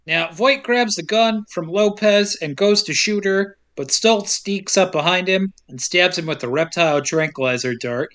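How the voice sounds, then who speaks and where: A man's voice: sits high, normal speed, hardly any pauses. A man casually recapping a film's plot for a podcast, with wry asides and frequent chuckles. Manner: wry, deadpan storytelling with frequent laughs and silly asides. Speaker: podcast co-host recapping a film.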